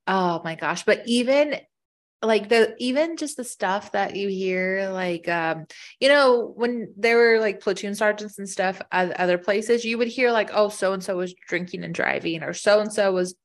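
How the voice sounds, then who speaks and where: A woman's voice: medium pitch, measured pace. Chatty woman co-hosting a casual podcast. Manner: chatty, animated storytelling with frequent "like". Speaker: podcast co-host, military spouse.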